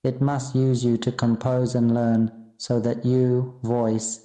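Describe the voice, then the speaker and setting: A man's voice: medium pitch, little pitch movement, slow pace, mellow. A man giving a solemn Buddhist Dharma sermon, speaking in repetitive, incantatory phrases and addressing his own voice directly. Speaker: Buddhist teacher. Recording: echoey room.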